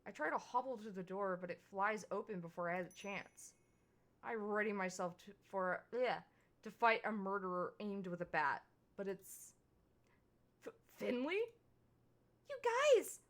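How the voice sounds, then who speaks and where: A woman's voice: medium pitch, normal speed, fairly bright tone. A woman streamer reading a visual novel aloud in a casual way, often stumbling over words and correcting herself.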